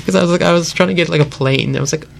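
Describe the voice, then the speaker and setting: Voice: mid-range voice, very fast, creaky, crowd noise. A young adult with a slight foreign accent, chatting casually and rambling with lots of "like" fillers. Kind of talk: casual chat.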